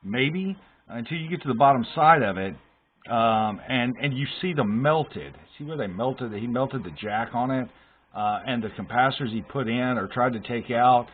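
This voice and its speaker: A man's voice: mid-range voice, normal speed, slightly rough. A man casually walking through a console repair at his workbench, emphatic and exasperated about the shoddy work he found. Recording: tinny phone-like sound with faint hiss.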